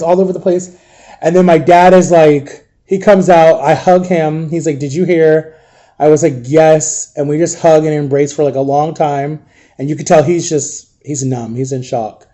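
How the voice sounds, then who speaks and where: A man recounting a painful story in an emotional storytime vlog, subdued and grieving, halting and repeating himself. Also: on the high side, mellow. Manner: halting, repetitive retelling. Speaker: vlogger.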